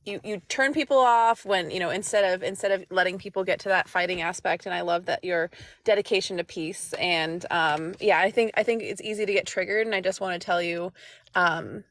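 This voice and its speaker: A woman speaking up as a guest on a livestream, halting and searching for words with many fillers. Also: on the low side, a bit bright. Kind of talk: casual chat.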